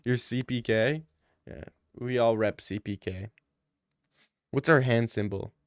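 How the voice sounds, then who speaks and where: A man's voice: mid-range voice, unhurried, clear, resonant tone, no echo. Joking male streamer, dry room. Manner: joking, mock-ranting. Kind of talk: casual chat answering viewer questions.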